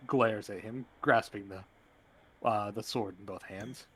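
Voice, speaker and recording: A man narrating as game master, in a loose, relaxed way with plenty of fillers. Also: on the low side, measured pace, slightly rough.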